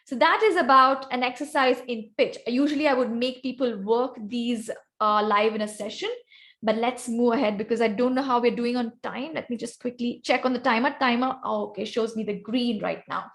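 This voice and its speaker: Woman, high pitch, guest speaker, instructive, video call. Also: moderate pace, a bit bright. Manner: instructive, calls on members by name. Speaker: guest speaker presenting on vocal variety. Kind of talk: online club meeting presentation.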